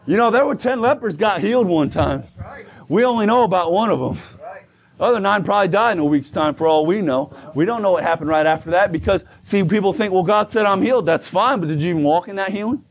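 A man preaching a fervent sermon, shouting in bursts while losing his voice. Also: high voice, lively intonation, fast, creaky. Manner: shouting, call-and-response preaching. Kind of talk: pentecostal-style sermon. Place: church sanctuary. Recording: muffled, lo-fi church recording.

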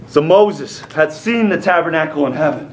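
A man preaching a sermon. He moves from plain Bible teaching to shouted fervor. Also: on the high side, echoey room, slight background noise, low-quality recording.

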